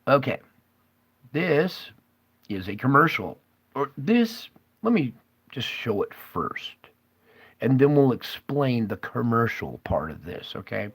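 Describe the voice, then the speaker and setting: A man's voice: mid-range voice, sing-song, slow, pauses often, slightly rough, no echo. A man rambling as he hosts a conspiracy video, breaking up his talk with questions to the viewer. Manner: rambling, keeps asking "okay?".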